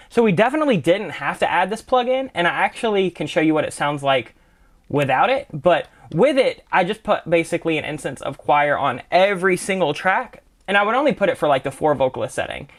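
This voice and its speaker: In this easygoing screen-share tutorial, a young man talks through music production plugins, sounding like a friendly tutor sharing how he works. He speaks quickly in a slightly high voice, relaxed and chatty, with lots of "kind of" and repeated words such as "really, really."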